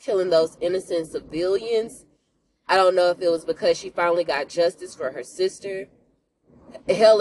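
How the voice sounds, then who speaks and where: A woman hosting a podcast, recapping a TV series in a casual, animated, slangy way, often speaking to listeners as y'all. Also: mid-range voice, slight background noise. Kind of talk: casual chat.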